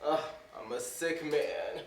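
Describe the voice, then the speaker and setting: Guy doing a whiny sick old master, slow and high, echoey stage from far off. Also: a little hiss or hum. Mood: grumbling. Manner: complaining, theatrical wailing and shouting. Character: whiny hypochondriac old master, petulant and bossy. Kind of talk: stage comedy acting. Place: theater stage. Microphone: distant room mic. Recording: echoey theater recorded from afar.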